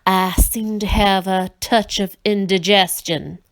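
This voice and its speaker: A woman voicing a pompous, overfed male humbug bug who speaks slowly and grandly, short of breath. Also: medium pitch, fairly even intonation. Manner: grandiose, slow, stuffed and breathless.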